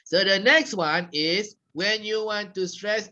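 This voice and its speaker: A man teaching a public speaking class, explaining slowly and demonstrating vocal stress himself. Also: high voice, sharp tone, highs cut off. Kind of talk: classroom lecture.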